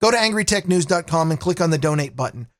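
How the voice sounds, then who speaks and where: Podcast guy wrapping up the show, self-deprecating, kinda high pitched. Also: lively intonation, fast talker. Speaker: podcast host. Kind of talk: podcast sign-off.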